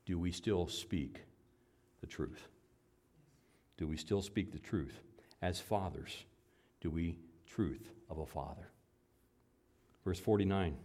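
Preaching man, loud then hushed. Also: slow pace, long pauses. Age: adult father. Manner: preaching with big swings from loud emphasis to quiet, low asides. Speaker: pastor. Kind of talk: sermon.

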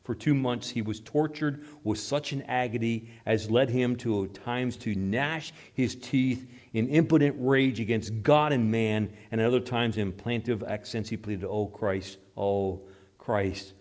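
A man preaching a sermon in a church, with sweeping swings from hushed, low passages to loud, emphatic ones. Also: a little slow, hardly any pauses. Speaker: pastor.

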